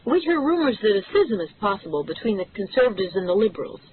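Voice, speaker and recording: A reader voicing a woman reporter with a Midwestern accent, asking brisk, probing questions, heard through tinny audio. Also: medium pitch, very animated, breathy edge. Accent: Midwestern American.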